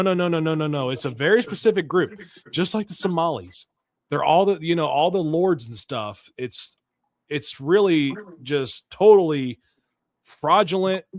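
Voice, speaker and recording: A man with a fairly high voice hosts a political talk show, ranting bluntly and heatedly while restarting his sentences often. It's casual, opinionated commentary, recorded dry.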